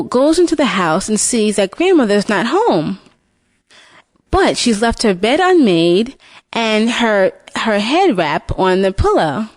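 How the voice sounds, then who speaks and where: A woman retelling a fairy tale in an unscripted way, with restarts and fillers, lifting her pitch to voice the characters. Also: no echo. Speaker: storyteller.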